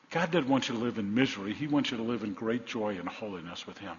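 A man in his sixties, a pastor preaching a sermon in a church, blunt and folksy, swinging between loud exhortations and quiet asides. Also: lowish voice, fast, hardly any pauses. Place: church sanctuary. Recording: echoey hall, slightly dull sound.

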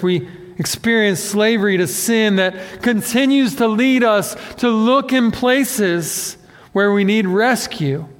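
Man preaching, high-pitched voice, animated, conversational sermon, long hall reverb. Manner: animated, self-deprecating, acts out quotes. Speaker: pastor.

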